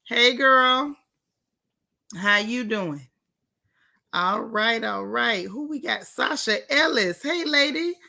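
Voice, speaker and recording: Woman livestream host, bright tone, slightly high voice, animated chat greetings. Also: slow, gravelly, pauses often. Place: home in Texas.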